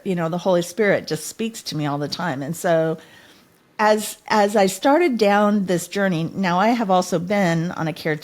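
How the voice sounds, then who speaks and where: A middle-aged woman talks as a podcast guest with earnest, heartfelt storytelling. Her voice sits a bit low for a woman. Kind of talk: podcast interview.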